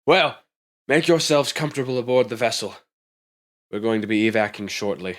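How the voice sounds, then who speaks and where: A man's voice: mid-range voice, steady tone, normal speed, lightly acted. A man putting on a poised corporate executive woman. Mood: gracious.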